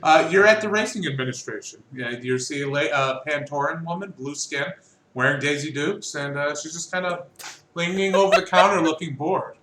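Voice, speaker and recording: A man narrating as game master of a tabletop game, lively and quick to laugh, shouting in big moments. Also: a little high, echoey room, slight background noise, poor audio.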